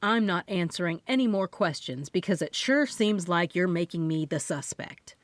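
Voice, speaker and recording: A woman's voice: lowish voice, lively intonation, moderate pace, no echo, natural voice. A woman voicing an upset, defensive man who groans over money, in an audiobook.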